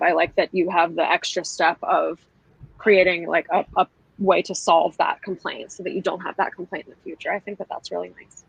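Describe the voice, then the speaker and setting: A co-host's voice with a gravelly, creaky edge, recorded dry with no room sound. The speaker comments approvingly on what the guest said. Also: medium pitch, steady tone, a little fast, a bit bright, no room sound, poor audio. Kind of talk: casual interview chat.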